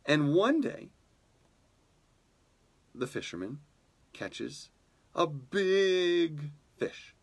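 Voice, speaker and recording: Soft-spoken gravelly male storyteller. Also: mid-range voice. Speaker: spiritual community leader. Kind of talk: storytelling in a meditation talk.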